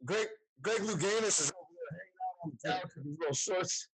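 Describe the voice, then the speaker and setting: A man's voice: high-pitched, fairly quick, background noise. A man hosting a live comedy stream over a video call, teasing the audience loosely. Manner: loose, teasing crowd work. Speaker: host.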